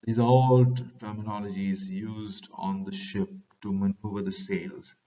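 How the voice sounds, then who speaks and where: A man with an Indian accent teaches a class, reading lines from a play aloud and then explaining them in plain words. His voice is on the low side and mellow, with fairly even intonation, a slightly slow pace, and few pauses. The recording sounds distant, dull, and lo-fi.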